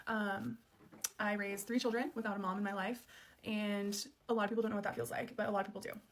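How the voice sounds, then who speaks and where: Fast-talking woman in her late twenties. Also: medium pitch, level tone, slight background noise. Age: late 20s. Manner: candid, conversational, many "um" and "like" fillers. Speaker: storyteller sharing her childhood. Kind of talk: casual personal storytelling.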